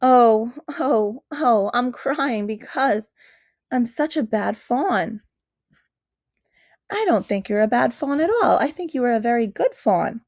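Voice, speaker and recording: A gentle, fretful male faun speaks with earnest, polite remorse, as a woman reads him aloud. The voice sits a little high and the recording is close and dry, with no room sound. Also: big pitch swings, brisk, gravelly, few pauses, dry recording, full character voice. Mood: remorseful. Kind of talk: storybook reading.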